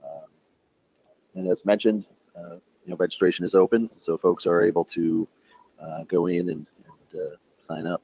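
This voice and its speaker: A man's voice: deep voice, fairly even intonation, moderate pace, pauses often. A man giving an update on a conference call over the phone, hesitant and full of fillers. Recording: muffled, faint phone line.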